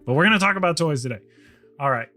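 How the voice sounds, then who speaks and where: A man's voice: fairly high pitch, expressive, fast talker, sharp tone, faint music behind. A man co-hosting a podcast, rambling through a casual rant and sounding tired as he loses his voice. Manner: ranting, rambling, with restarts. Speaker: podcast co-host.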